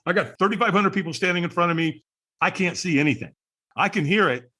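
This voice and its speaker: This man, a guest on a podcast, talks fast in a high voice that sounds pushed and bright. He delivers an animated story full of energy, playing the parts of the people he quotes.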